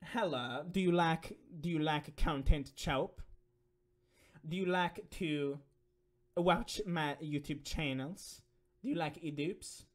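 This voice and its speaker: A man putting on an exaggerated foreign-accented caricature of a male YouTuber, asking slow, halting questions. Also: on the high side. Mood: mocking.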